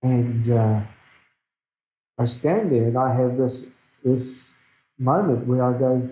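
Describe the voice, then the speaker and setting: A man's voice: mid-range voice, slow, long pauses, dark tone. A middle-aged man from New Zealand with a New Zealand accent, telling a personal story in an earnest, reflective way during an interview. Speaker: guest speaker. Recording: dull, echoey recording.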